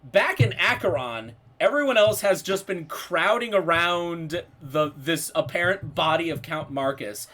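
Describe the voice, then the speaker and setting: A man narrating a tabletop role-playing game as game master, describing scenes to his players. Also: on the high side. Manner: slow, lively storytelling narration.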